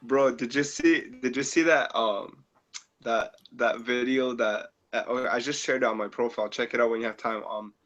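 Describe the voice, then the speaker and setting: Bright-voiced man telling a funny story. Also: medium pitch, normal speed, lo-fi sound. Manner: animated storyteller, acts out quotes, laughs often. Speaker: collector in group chat.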